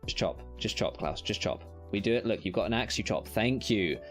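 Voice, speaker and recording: Excitable British man streaming a game. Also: on the low side, a little fast, faint music behind. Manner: excitable, swings between loud cheering and muttered whispers; swears casually and talks to himself. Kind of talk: live gameplay commentary.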